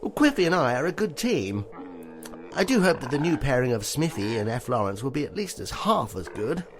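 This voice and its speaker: A man's voice: medium pitch, very animated, fairly quick, noisy background. Man playing a jolly posh chap in a radio skit, voice leaps all over the place. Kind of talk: comic radio sketch acting.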